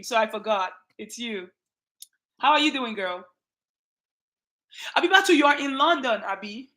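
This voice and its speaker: Nigerian woman livestream host, fairly high bright voice, emphatic and chatty. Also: moderate pace, long pauses. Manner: warm greetings to viewers by name, lively and emphatic. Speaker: channel host. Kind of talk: casual livestream chat.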